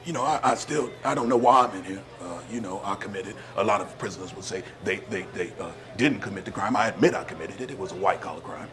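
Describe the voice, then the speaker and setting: A man's voice: lowish voice, quick pace, hardly any pauses, fairly bright tone, natural voice. A man playing a prison inmate in a sketch comedy monologue, rambling and stammering with indignation.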